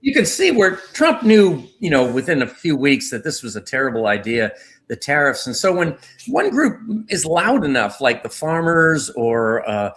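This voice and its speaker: A man in his sixties, a guest telling rambling, lively stories in a casual interview. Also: normal speed. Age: 60s. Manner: rambling storyteller with lively pitch.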